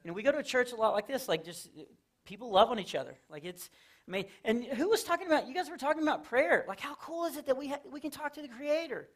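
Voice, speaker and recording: A middle-aged man from Texas doing live Christian stand-up in a church, telling stories with lively acted-out quotes. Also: very high-pitched, quick pace. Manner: animated storytelling with acted-out quotes and laughs. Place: church hall with a live audience.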